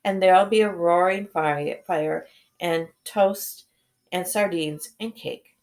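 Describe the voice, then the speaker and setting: A woman's voice: lowish voice, slow, a little mellow. A woman voicing a polite, nervous male faun who speaks in a formal, courteous way.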